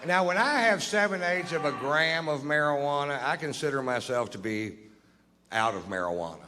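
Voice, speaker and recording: A man's voice: a little high, lively intonation, normal speed, bright, forceful tone. A middle-aged man doing profane stand-up storytelling on a live stage, laughing at his own lines. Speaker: stand-up comedian. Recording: reverberant live stage with faint background noise.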